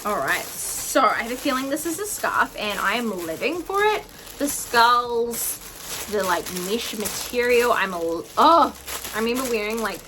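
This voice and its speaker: A young woman vlogging an excited unboxing at home, gasping and gushing over each item. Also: mid-range voice, noisy background. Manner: gushing, gasping, lots of "oh my God".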